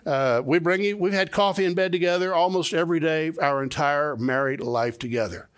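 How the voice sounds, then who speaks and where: A man's voice: on the high side, a little fast, smooth. A middle-aged man preaching a sermon to his congregation in a conversational way, often repeating key phrases and having the listeners say them back. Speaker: pastor. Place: church sanctuary.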